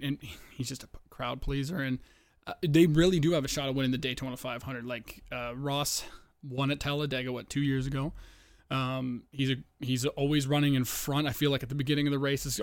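A man's voice: mid-range voice, dry recording. A young man hosting a casual solo podcast, rambling and profane, a bit out of breath, and distracted by a game on TV. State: out of breath and sweating. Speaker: podcast host.

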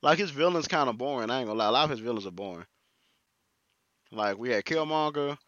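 A man co-hosting a casual chat, slangy and animated, often quoting himself. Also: mid-range voice, fast talker, no room sound, lo-fi sound. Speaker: podcast co-host.

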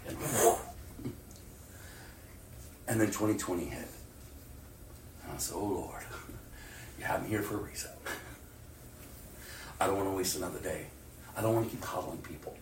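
Male pastor, sermon delivery, animated swings from loud to hushed, distant mic in an echoey church, faint room ambience. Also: sits low, normal speed, creaky, long pauses, noisy background. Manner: animated, swings from loud outbursts to near-whispers.

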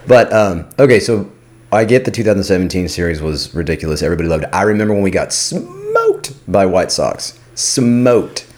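A man's voice: low voice, rapid-fire, darkish tone. A man hosting a podcast, keeping the casual chat moving with eager questions and calling his guest dude. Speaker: podcast host.

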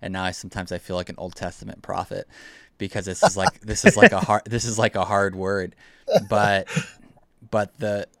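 Low, flat-voiced reflective man. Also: moderate pace, creaky, no room sound, clean studio sound. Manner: reflective, hesitant, self-deprecating. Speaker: podcast co-host. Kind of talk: casual chat.

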